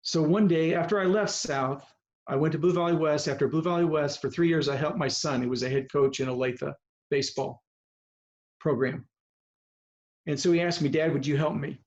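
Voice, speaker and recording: A man's voice: a little high, normal speed. Earnest older man on a muffled video call. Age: 70s or older. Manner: earnest, heartfelt, rambling with restarts. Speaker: veteran high school baseball coach. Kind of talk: personal storytelling on a video call. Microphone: video call microphone.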